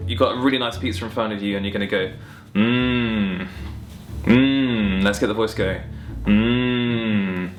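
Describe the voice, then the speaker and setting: A young man teaching a singing warm-up lesson in a relaxed, friendly, chatty way, talking through stretches and vocal exercises. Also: on the low side, very fast, few pauses, faint music behind. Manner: relaxed, friendly and chatty, demonstrating hums and sung syllables. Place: home music room with guitars on the walls.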